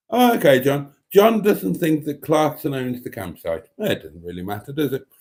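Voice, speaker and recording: The livestream host here is a man of medium pitch and darkish tone, chatting casually with his audience. He reads comments from viewers aloud, groans and mutters to himself, and sings fragments of songs along the way.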